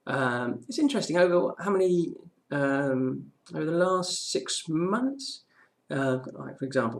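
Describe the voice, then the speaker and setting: A man's voice: medium pitch, creaky. A man presenting a casual daily property market news update, chatty, with frequent "okay"s and restarts.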